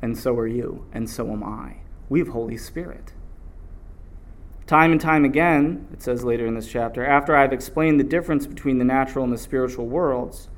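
A man preaching a sermon, calm and measured in teaching, rising to forceful, emphatic exhortation. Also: medium pitch.

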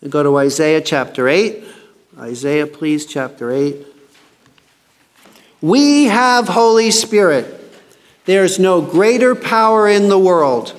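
Man, Bible teacher, conversational, slow emphatic scripture reading, fairly high voice.

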